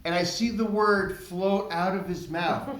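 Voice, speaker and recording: A man performing a comic storytelling monologue on a small theater stage, with animated, self-mocking delivery. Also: high voice, measured pace, a little hiss or hum. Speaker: solo performer. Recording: echoey room.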